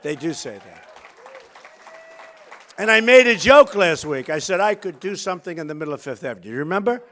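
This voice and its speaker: A man's voice: sits high, lively intonation, brisk, long pauses, fairly bright tone, some chatter behind. A man running for office, giving a rambling, boastful, repetitive campaign speech from a rally stage. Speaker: political candidate.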